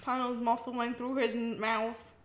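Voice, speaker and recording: A woman's voice: on the high side, level tone, a little slow, echoey room. A woman co-hosting a casual art livestream, chatting and reading viewer comments aloud with frequent giggles. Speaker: stream co-host reading chat.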